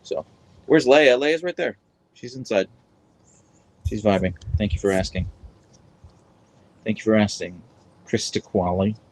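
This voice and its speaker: Unhurried and prone to long pauses, the man speaks in a lowish, darkish voice. He's a livestream host broadcasting casually from his phone, talking and reading comments from viewers, with a clip-on mic attached.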